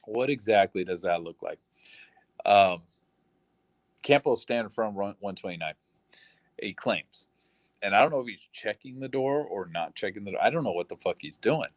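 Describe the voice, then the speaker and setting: A man's voice: fairly low pitch, expressive, normal speed, long pauses, no room sound. A man hosting a podcast, talking casually and incredulously over interview audio, cursing often and thinking aloud with fillers. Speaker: podcast host.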